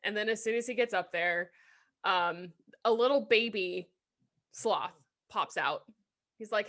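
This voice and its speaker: Bright, animated woman podcast co-host. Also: mid-range voice, slow pace. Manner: animated storyteller, swearing, putting on silly voices for animals. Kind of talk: casual podcast chat.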